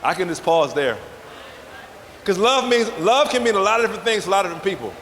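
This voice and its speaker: A man from the American South, a vegan chef giving an energetic motivational talk at a festival, preacher-like, calling out to the crowd for responses. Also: high-pitched, fast talker, slight background noise. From Southern United States. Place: large indoor festival hall. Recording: echoey hall with a long reverb tail.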